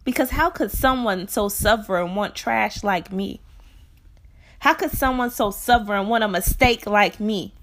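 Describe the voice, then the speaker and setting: A woman performing a spoken word poem like a prayer, impassioned, moving between hushed lines and crying out. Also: medium pitch, a little slow.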